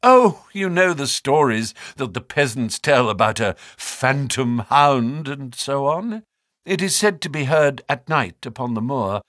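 A man voicing a jaunty, nervous male naturalist with fluttering, high-pitched exclamations in an audiobook reading. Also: lively intonation, measured pace, fairly bright tone, dry recording, studio quality. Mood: polite.

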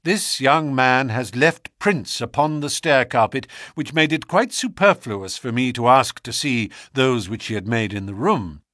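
A man reading an audiobook, voicing a confident, wry detective who speaks in a measured, precise way. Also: mid-range voice, lively intonation, fairly bright tone, no room sound, studio quality. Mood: assured. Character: calm, sharp male detective, confident and wry.

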